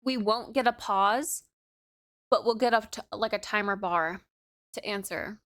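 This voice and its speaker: A woman streaming, chatting casually and reacting out loud, swearing freely. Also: medium pitch, a little slow. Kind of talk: casual live-stream chat. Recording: show audio and music behind.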